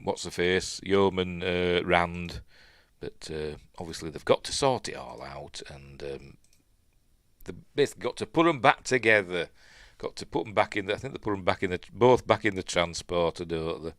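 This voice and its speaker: Low-pitched Yorkshire host, dry and close-miked, meandering chatty delivery full of fillers. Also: male voice, gravelly, no room sound. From Yorkshire, England. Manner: rambling, chatty, lots of fillers, self-correcting. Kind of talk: casual live commentary while watching.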